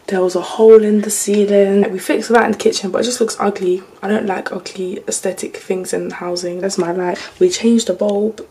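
Gravelly-voiced young woman vlogging. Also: mid-range voice, flat delivery, brisk, hardly any pauses, mellow, a little hiss or hum. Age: young adult. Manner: chatty, blunt, jokey. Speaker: vlogger, university student. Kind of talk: casual chat to camera. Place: new student room, indoors.

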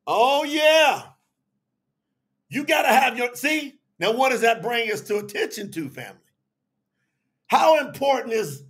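A man preaching a livestreamed sermon, emphatic and call-and-response, shouting out to viewers by name and breaking into sudden shouts. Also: very high voice, breathy edge. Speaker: preacher leading an online service.

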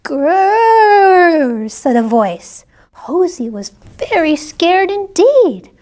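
A woman reading a children's story aloud in a gentle, exclamatory way, often pausing to ask young listeners questions. Her voice is high and her pace is slow and unhurried. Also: very animated. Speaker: children's librarian.

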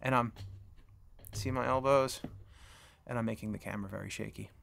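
A man's voice: medium pitch, fairly even intonation, normal speed, creaky, fairly bright tone, a little hiss or hum. Rambling man in his forties. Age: 40s. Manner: rambling, self-correcting, chatty. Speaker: vlogger reviewing gear. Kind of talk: casual gear review talk. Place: indoor home room at a table. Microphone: camera-mounted shotgun mic.

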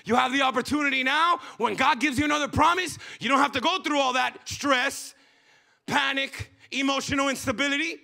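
A man preaching a sermon as pastor, swinging from loud shouted passages to hushed low lines. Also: brisk, creaky. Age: young adult. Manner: preaches with rising shouts and sudden hushed drops.

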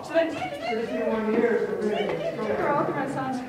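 A woman's voice: fairly high pitch, expressive, moderate pace. A woman casually retelling a story for laughs, giggly and rambling. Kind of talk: casual comic plot retelling. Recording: echoey room, far mic, crowd chatter.

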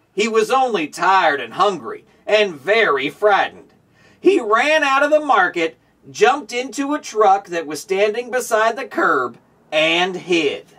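A man hosting a show and reading a children's storybook aloud in a slow, expressive storytelling way. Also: high voice, breathy edge, recorded from a distance. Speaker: show host.

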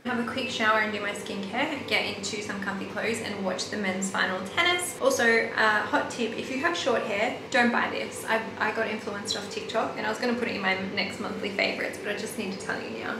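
A woman's voice: mid-range voice, brisk, few pauses, noisy background. A young Australian woman with a slight lisp, vlogging casually, frank and swearing freely, sometimes dropping to a whisper. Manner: chatty, frank and swears freely, often drops to a hushed whisper. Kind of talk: casual vlog to camera.

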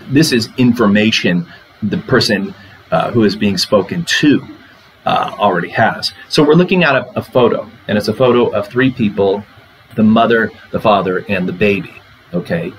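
Man, literature lecturer, mid-pitched, conversational, rhetorical questions, faint background hum. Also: low-quality recording.

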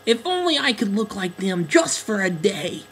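A man's voice: extremely high pitch, big pitch swings, moderate pace, pushed and bright, a little hiss or hum, pitched above the performer's own voice, full character voice. A man voicing a sad, lonely young duckling in a storybook, speaking plaintively. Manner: plaintive, pleading.

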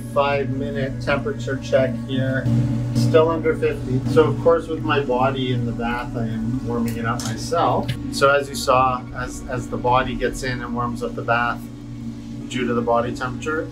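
A man vlogging from a cold bath in his home bathroom, talking candidly and coaching viewers in a self-deprecating way. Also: medium pitch. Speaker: wellness vlogger. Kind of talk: casual talk to camera.

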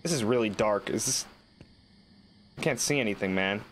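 A man's voice: on the low side, normal speed, slight background noise. A man streaming a game, rambling, joking and swearing in casual commentary. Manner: rambling, swearing, jokey outbursts.

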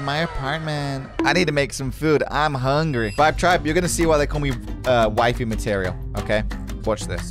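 A man with an English accent giving jokey, excitable horror gameplay commentary and talking to his viewers. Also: mid-range voice. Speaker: gaming YouTuber.

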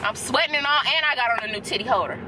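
A young woman vlogger rants about a TV episode in a blunt, profane and animated way. Her voice sits high. Loud traffic noise carries behind her as she talks from a car. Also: very fast. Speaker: TV review vlogger. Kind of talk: casual ranting review.

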